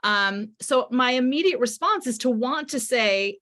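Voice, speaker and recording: A woman's voice: on the high side, expressive, a little slow, sharp tone. A middle-aged woman, a parenting author, explaining ideas in a podcast interview and acting out what parents say. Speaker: parenting author and psychotherapist guest.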